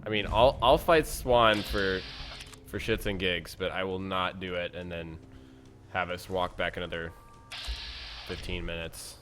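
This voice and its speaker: Male let's-play commentator, low voice, loose and self-mocking, thinking out loud. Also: steady tone, a little slow, over music. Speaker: gameplay commentator.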